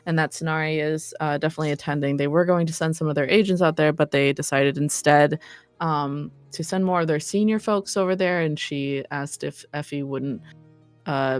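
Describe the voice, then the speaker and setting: A woman's voice: deep voice, clean tone, no echo. A woman running a tabletop role-play game, recapping the last session casually with many ums and self-corrections. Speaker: game master.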